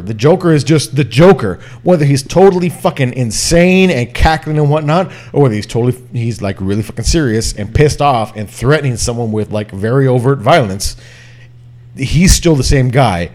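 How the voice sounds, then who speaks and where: A male podcast host in loose, casual conversation. He talks at a middling pitch, swears freely and gets animated, jumping his voice high and low to show what he means. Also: normal speed. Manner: heavy swearing, animated, drops and raises his voice to demonstrate. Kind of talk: casual chat.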